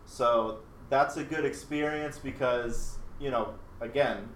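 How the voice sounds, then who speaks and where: A male guest on a podcast answering questions in a calm, steady way. He sits well back from the mic in a roomy, echoing space. A faint noise lies under his voice. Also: medium pitch, takes it slowly, far from the mic. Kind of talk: casual interview answers.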